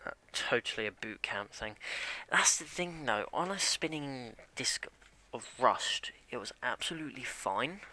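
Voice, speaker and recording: A man's voice: medium pitch, lively intonation, a little slow, few pauses, pushed and bright. A young man chatting casually and rambling as he streams a game, grumbling at it along the way. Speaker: live streamer.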